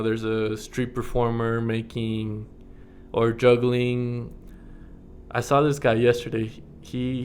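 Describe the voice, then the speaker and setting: A young American man rambles casually to his camera in a vlog, his medium-pitched voice full of fillers and frequent chuckles. A slight hiss or hum sits under the audio.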